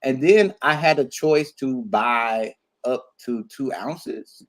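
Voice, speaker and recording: A tipsy man hosting a casual chat, telling loud crude stories and laughing a lot. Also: medium pitch, slow. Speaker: talk show host.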